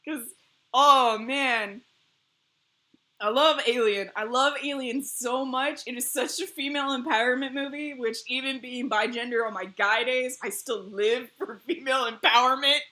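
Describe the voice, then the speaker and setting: A woman streamer in casual chat, animated and rambling, laughing often between thoughts. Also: high voice, normal speed, few pauses. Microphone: streaming mic.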